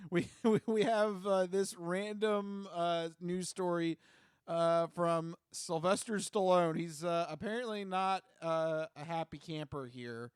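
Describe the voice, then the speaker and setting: A man's voice: sits high, takes it slowly, smooth, no echo, clean studio sound. A man co-hosting a podcast, speaking casually and hesitantly with many fillers. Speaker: podcast co-host. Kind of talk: casual chat.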